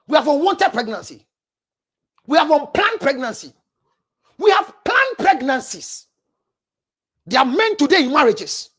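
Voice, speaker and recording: A Ghanaian woman counselor giving blunt, scolding advice and breaking into shouts. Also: high-pitched.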